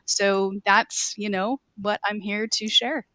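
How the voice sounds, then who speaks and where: A woman's voice: medium pitch, fairly even intonation, slow, fairly bright tone, no echo. A woman guest answering interview questions earnestly, with many ums and you-knows. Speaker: guest, publishing CEO.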